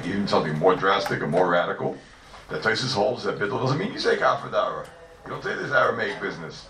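A man teaching a Talmud class, animated and full of rhetorical questions, heard from a distance in an echoey room. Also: lowish voice, vocal fry, slight background noise. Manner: animated, rhetorical questions, Yeshivish mix of Hebrew and Yiddish terms. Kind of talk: Talmudic lecture. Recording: echoey room, distant mic, faint ambience.

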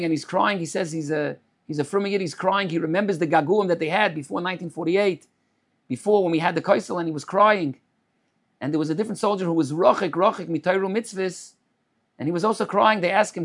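High-voiced rabbi preaching slowly. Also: male voice. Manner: measured, repeats phrases, weaves in Hebrew terms. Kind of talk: Torah sermon.

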